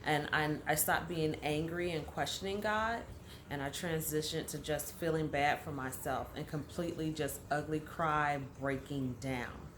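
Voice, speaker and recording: Low-voiced woman telling a personal story. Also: steady tone, unhurried, a little hiss or hum. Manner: candid, conversational storytelling with emphatic repetition. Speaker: life coach.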